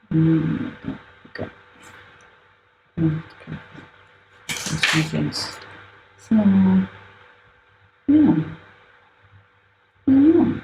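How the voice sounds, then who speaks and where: A woman's voice: low voice, gravelly, mellow. A woman artist chatting casually while she draws, thinking aloud, correcting herself and laughing often. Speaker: artist live-streaming a drawing session. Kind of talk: casual chat while drawing. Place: art gallery. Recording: echoey room with faint ambient noise.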